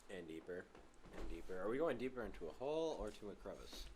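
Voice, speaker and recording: A man's voice: sits low, big pitch swings, fast, darkish tone, slight background noise. A young man co-hosting a casual podcast, playful and teasing, often laughing. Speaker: podcast co-host. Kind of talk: casual chat.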